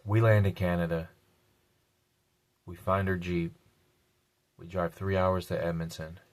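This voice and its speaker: A man with a slightly low voice tells his own story straight to the camera. He talks bluntly in casual slang, with the odd curse. He repeats his key lines for emphasis. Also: little pitch movement, unhurried. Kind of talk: emotional personal storytelling.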